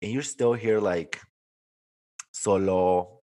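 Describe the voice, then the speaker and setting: Lowish man's voice, casual podcast talk, laughing, cursing, some Spanish phrases. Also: fairly even intonation, slow pace, mellow. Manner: swearing, laughs often, mixes in Spanish. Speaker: podcast co-host. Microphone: desk microphone, close.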